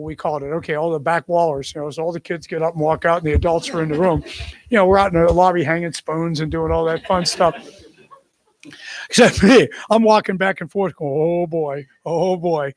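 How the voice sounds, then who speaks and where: A man in his sixties, a retired military officer, telling anecdotes in an animated way and acting out the people in them. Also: a little high, fairly quick, no room sound. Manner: animated storyteller who acts out the people in his story. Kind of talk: anecdotal storytelling.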